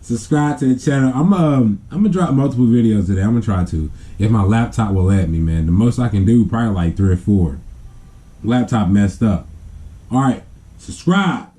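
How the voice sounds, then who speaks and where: Laughing man with a mellow voice. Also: lowish voice, moderate pace. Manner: animated, laughing often, acts out sounds. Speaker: family vlogger. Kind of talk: casual storytelling to camera.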